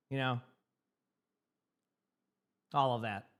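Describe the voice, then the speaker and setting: Rambling streamer with a light Boston accent. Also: male voice, medium pitch, fairly quick, fairly bright tone. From Massachusetts. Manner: rambling, repeats words, reads chat aloud. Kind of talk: casual live-stream chat.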